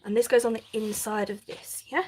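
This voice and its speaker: Woman doing a live craft stream, bit high voiced, chatty, giggly, gets excited. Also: fairly quick, slight background noise. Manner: chatty, laughs often, bursts of excitement. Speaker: craft channel host. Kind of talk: casual live crafting chat, reading comments.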